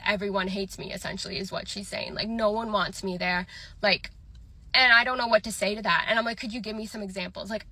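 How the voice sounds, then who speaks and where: A woman's voice: medium pitch, bright, forceful tone, dry recording. A young woman telling a casual story about her workplace, chatty and full of "like". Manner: chatty, filler-heavy "like".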